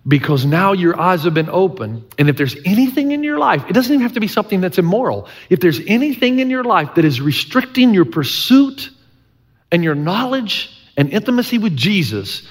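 Emphatic preaching man in a reverberant hall. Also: on the high side. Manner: earnest, emphatic preaching with folksy humor and repetition. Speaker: pastor. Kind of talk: sermon. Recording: long church-hall reverb.

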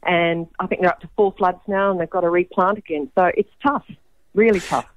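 A woman's voice: on the low side, steady tone, fairly quick, no echo, lo-fi sound. An Australian woman, a co-op founder, explaining her work as a radio guest in a chatty way with many ums. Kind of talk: radio interview.

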